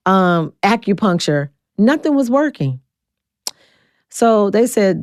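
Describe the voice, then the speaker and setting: A woman in her forties talks bluntly and with energy, a straight shooter retelling her story for an interview. Her voice sits low and smooth, recorded dry and close. When she quotes people, her pitch leaps sharply upward. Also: moderate pace, dry recording. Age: 40s. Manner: blunt, animated, acts out quotes with big pitch jumps. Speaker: guest.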